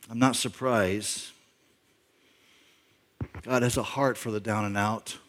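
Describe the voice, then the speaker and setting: A middle-aged male pastor giving a sermon, telling a story conversationally, with lines that climb louder and higher for emphasis. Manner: conversational storytelling, imagining a backstory aloud; rises in pitch and volume for emphasis.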